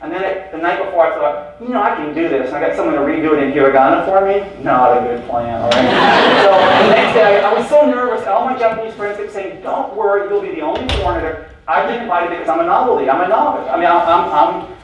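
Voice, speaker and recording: A man's voice: high-pitched, quick pace, noisy background. A man giving a conference keynote as stories, joking and quizzing the audience with questions. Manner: animated, jokey, addresses audience with questions. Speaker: keynote speaker. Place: large lecture hall. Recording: very echoey hall from far off.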